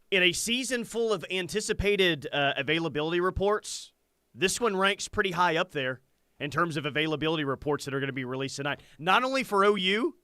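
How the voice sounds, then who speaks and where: A man co-hosting a casual sports talk show, animated and chatty, reading listener comments aloud. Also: on the high side, clean tone, dry recording, clean studio sound. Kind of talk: casual sports radio chat.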